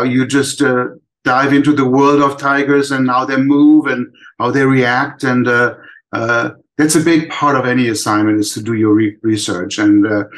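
A man's voice: medium pitch, a bit bright, low-quality recording. An older man from Germany with a German accent, speaking as an animator guest in a casual interview, thoughtful and full of restarts. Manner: thoughtful, many restarts and fillers.

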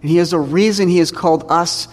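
A man's voice: on the high side, fairly even intonation, quick pace, long reverb tail. A man preaching a sermon in a conversational way, dropping in tag questions and acting out the scripture dialogue.

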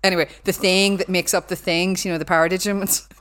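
A woman's voice: fairly low pitch, little pitch movement, fast talker, very noisy. A woman with a Belfast accent, a guest lecturer telling candid stories in a casual podcast chat, swearing and laughing often.

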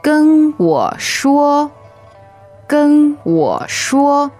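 Woman co-host, Chinese native, slow careful phrases, faint music. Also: high voice, sing-song, a little mellow. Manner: slow, careful model pronunciation. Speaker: podcast co-host. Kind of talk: language lesson podcast.

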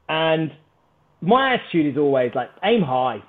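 A British man telling a story on a podcast in an energetic, animated way, swearing freely. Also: fairly high pitch, normal speed, narrow, tinny audio. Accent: British English. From Britain. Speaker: podcast guest, startup founder. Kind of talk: casual storytelling chat.

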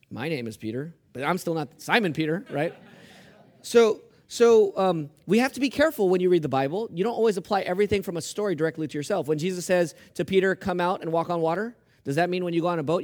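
Emphatic high-voiced male pastor preaching. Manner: swings between hushed asides and loud emphatic repetition; asks the congregation questions and answers them. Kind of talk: sermon. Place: church.

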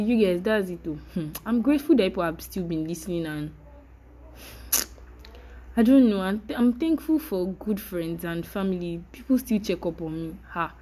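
A woman's voice: lowish voice, mellow, a little hiss or hum, poor audio. Candid young woman podcaster. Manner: candid, chatty, apologetic, with light laughs. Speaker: podcast host. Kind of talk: casual solo podcast monologue.

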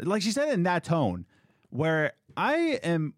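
A young man co-hosting a podcast, telling stories in a rambling, animated way with frequent restarts. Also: fairly high pitch, measured pace, dry recording, clean studio sound. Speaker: podcast co-host. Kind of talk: casual chat.

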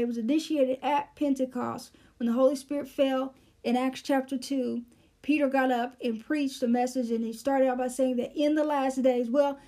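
A woman's voice: high voice, warm tone. A woman teaching a Bible lesson verse by verse, explaining Greek words with frequent fillers and restarts.

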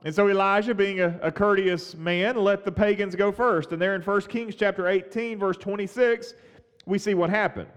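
A man preaching a sermon as a pastor, earnest and halting, often restarting his phrases. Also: high voice, steady tone, clear, resonant tone, in a large hall.

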